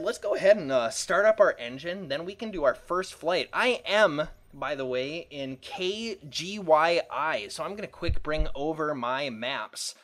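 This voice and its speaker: Rambling man narrating a flight sim. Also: on the high side. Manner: rambling, self-correcting, jokey asides. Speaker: let's play host. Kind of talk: casual flight sim commentary.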